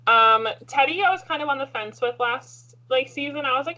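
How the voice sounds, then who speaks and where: A woman co-hosting a casual chat show, rambling excitedly with lots of filler words. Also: sits high, a little fast, hardly any pauses, muffled recording. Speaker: podcast co-host. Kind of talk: casual chat about reality TV.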